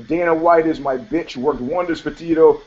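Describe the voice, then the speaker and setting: A man's voice: fairly high pitch, steady tone, moderate pace, a crowd in the background. A man co-hosting a casual talk show, telling profane stories and laughing often. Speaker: podcast co-host. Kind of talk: casual chat. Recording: dull lo-fi sound.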